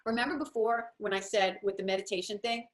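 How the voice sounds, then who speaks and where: A home-organizing coach talks fast at a medium pitch, giving a chatty, encouraging talk while sharing her screen. She acts out little quoted voices as she goes.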